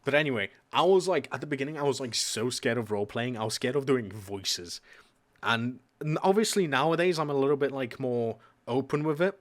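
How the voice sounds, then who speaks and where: A man's voice: medium pitch, animated, a little fast. Rambling man chatting on stream. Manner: rambling, heavy on fillers, swears casually. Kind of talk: casual stream chat.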